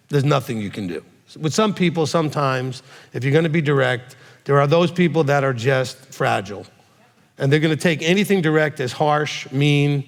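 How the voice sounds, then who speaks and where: A fairly high-voiced man, a rabbi, fields questions from his congregation, talking directly and with a lively, swinging pitch. He keeps checking in with his listeners as he explains. His voice rings out with a long reverb in a large hall. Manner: direct, animated, checks in with frequent "okay?".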